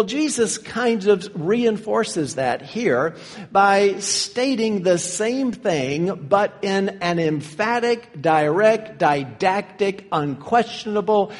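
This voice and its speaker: Man preaching in an echoing hall. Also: high-pitched. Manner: earnest teaching, emphatic with stressed words. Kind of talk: verse-by-verse sermon. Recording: long reverb of a hall.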